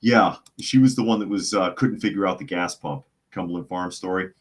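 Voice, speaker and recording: A man with a low, deep voice hosts a live podcast in a loose, casual way. He reads viewer comments aloud and drifts into rambling stories, acting out the other people's voices as he goes. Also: brisk, a little hiss or hum. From United States. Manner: rambling storyteller, acts out quoted voices. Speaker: podcast host.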